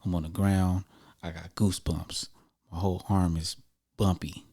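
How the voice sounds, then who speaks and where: A man casually telling a personal story to his viewers in a relaxed, slangy, conversational way. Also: deep voice, moderate pace, breathy edge.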